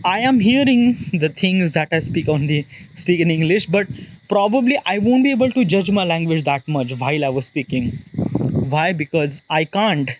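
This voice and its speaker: Indian guy from maharashtra rambling on, slightly high voice, lots of okays and likes, faint hiss behind. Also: normal speed. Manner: rambling, many fillers and restarts. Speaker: vlogger. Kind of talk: casual monologue.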